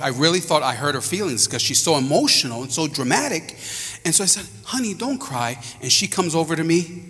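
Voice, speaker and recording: A man in his fifties, a pastor preaching a sermon to his congregation with lively storytelling. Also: fairly high pitch, husky. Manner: animated preaching with storytelling asides. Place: church sanctuary. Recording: reverberant church hall.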